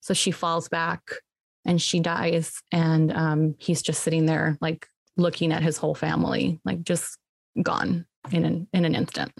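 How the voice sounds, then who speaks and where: Animated woman retelling a film plot. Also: unhurried, vocal fry, breathy edge, no echo. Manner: animated storytelling, acting out quotes with jumps in pitch. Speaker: podcast co-host recapping a film.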